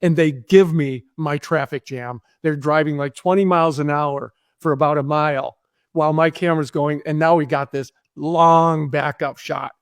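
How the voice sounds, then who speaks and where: A man in a podcast interview telling a long anecdote with animated energy, acting out the voices of people he quotes. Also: fairly high pitch, moderate pace, no room sound, studio quality. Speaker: guest, filmmaker.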